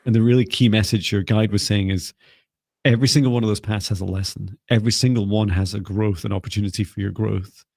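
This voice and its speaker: Man, low voice, slow soothing reading, gravelly, dry sound. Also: fairly even intonation, darkish tone, dry recording. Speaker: spiritual reader. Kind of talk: live reading and energy clearing.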